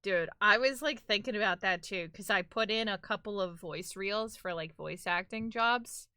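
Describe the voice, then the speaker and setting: A woman's voice: medium pitch, moderate pace, pushed and bright, clear, resonant tone, dry recording, studio quality. Chatty New York woman streamer. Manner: chatty, rambling with lots of "like". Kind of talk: casual live-stream chat.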